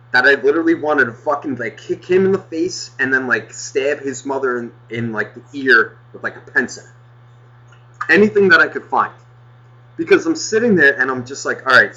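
Brief: male podcast co-host, sharp bright voice, foul-mouthed exasperated storyteller, muffled lo-fi audio. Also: mid-range voice. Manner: profane, exasperated, heavy swearing. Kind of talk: casual storytelling rant.

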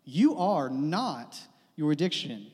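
A young pastor preaches a conversational sermon in a church sanctuary, using self-deprecating humor and repeated phrases. His fairly high, husky voice has a darkish tone, swings widely in pitch and moves slowly, ringing with the long reverb of the hall.

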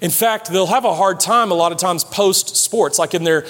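In a large church hall, a pastor preaches a sermon with animation, dropping low and slow to stress his points. A long hall reverb follows his voice.

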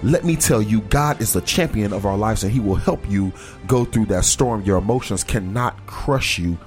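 Earnest low-voiced male preacher. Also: moderate pace, faint music behind. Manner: earnest, exhorting, talks straight to listeners. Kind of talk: encouraging online sermon.

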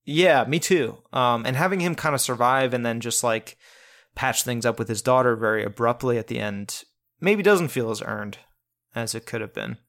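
A man's voice: medium pitch, normal speed, fairly bright tone. A man co-hosting a casual film review podcast, talking in a rambling way with many restarts and fillers. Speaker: podcast co-host.

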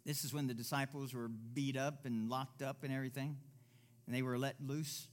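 A man's voice: mid-range voice, steady tone, moderate pace. A man preaching a sermon in a church service, emphatic, firing off rhetorical questions and acting out the voices he quotes.

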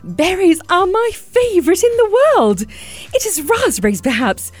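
Lady putting on a squeaky sing-song storybook birdie, sweet and innocent, way up high. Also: big pitch swings, measured pace, faint music behind, exaggerated voice. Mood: chirpy. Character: chirpy naive little bird, sing-song. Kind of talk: storybook read-aloud.

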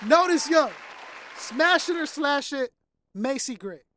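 A woman's voice: high voice, expressive, slow, crowd noise, noisy background. A woman hosting a casual interview, teasing her guest with slang and often laughing. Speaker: podcast host.

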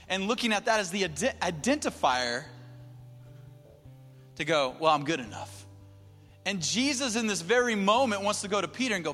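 Earnest high-voiced preacher in a reverberant hall. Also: male voice, pushed and bright. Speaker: pastor. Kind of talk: sermon. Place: church sanctuary.

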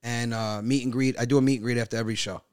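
A man in his forties, a comedian, chatting casually and telling stories with animated acted-out voices and loud emphatic peaks. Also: medium pitch, racing, smooth. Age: 40s. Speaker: comedian guest. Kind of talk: casual podcast chat.

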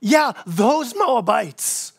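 A man preaching a sermon as pastor, telling a story with lively acted-out quotes and frequent self-repeats. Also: very high-pitched, drawn-out words, gravelly, husky. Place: church sanctuary.

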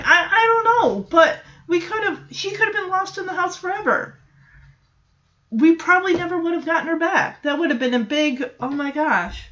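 A woman's voice: high-pitched, sharp tone, dull audio. A woman giving a casual, chatty reaction commentary on a TV episode, exasperated and prone to personal tangents. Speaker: show recap host.

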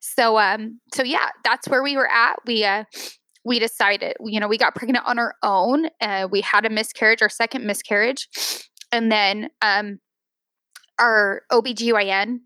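A woman in her thirties telling an emotional personal story as a podcast guest, teary and halting, with many restarts and fillers. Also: a little high, fairly even intonation, pushed and bright, no room sound.

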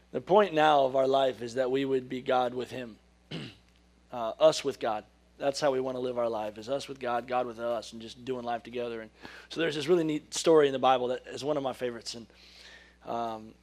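A man giving a sermon, who reads scripture slowly and then talks casually, laughing at his own corny jokes. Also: mid-range voice. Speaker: preacher. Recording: podcast recording of a live sermon.

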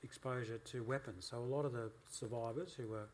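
Male interviewer, mid-range voice, measured questions, faint ambience behind. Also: medium pitch, fairly even intonation, darkish tone, slight background noise. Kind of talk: conversational interview.

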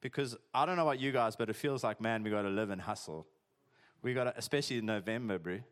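A male pastor with a lowish voice preaches quickly in a conversational, chatty style. He sprinkles his sermon with "like" and "eh" and tosses in jokey asides.

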